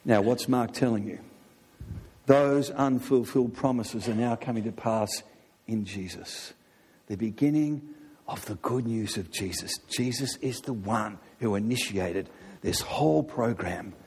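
A man preaching a sermon in an animated way, often asking his listeners "right?". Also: medium pitch, measured pace, slightly rough. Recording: long reverb of a large hall.

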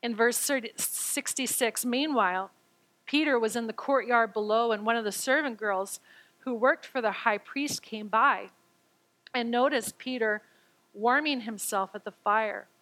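A woman preaching a sermon, moving between reading scripture and explaining it in her own words. Her voice sits fairly high and sounds bright and forward. She acts out the quoted lines and sometimes stammers as she gets excited. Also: a little slow, rough recording.

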